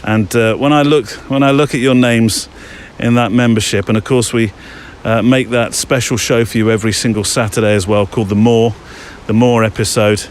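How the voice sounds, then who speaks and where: A man's voice: medium pitch, steady tone, moderate pace, a little hiss or hum. Chatty man hosting on a country walk. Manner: chatty, rambling with many fillers. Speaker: podcast host. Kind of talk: casual walking monologue. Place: outdoors in woodland and countryside.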